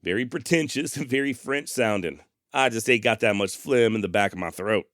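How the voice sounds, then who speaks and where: Smooth low-voiced man hosting. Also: brisk, fairly bright tone, no room sound, clean studio sound. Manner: self-deprecating, sarcastic humor. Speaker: podcast host. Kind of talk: casual history podcast narration.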